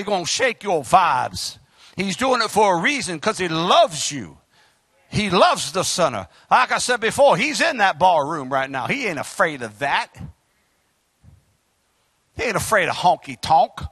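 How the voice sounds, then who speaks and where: Man, pastor, fiery preaching, very high voice, swooping pitch. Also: sing-song, unhurried, slightly rough, no room sound. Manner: impassioned, shouting at times. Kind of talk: fiery sermon.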